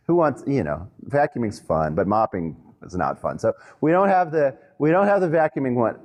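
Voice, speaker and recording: Animated man giving a conference talk. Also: medium pitch. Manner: animated storyteller with quick quoted asides. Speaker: speaker on customer service.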